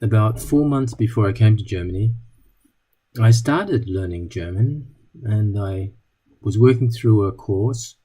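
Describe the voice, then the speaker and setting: A man speaks to an audience in a relaxed, mellow tone with a touch of huskiness. He tells wry anecdotes and acts out short exchanges between people as he goes. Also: mid-range voice, breathy edge. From not British. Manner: wry, anecdotal, plays out little dialogues. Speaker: speaker giving a talk. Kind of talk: storytelling talk to an audience.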